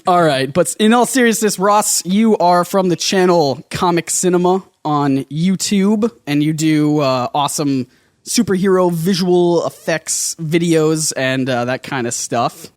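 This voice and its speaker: Male host, easy banter, keeps the talk moving; slightly high voice, dry sound. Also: measured pace, dry recording. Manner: teasing, steers the talk. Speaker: podcast host. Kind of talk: casual chat.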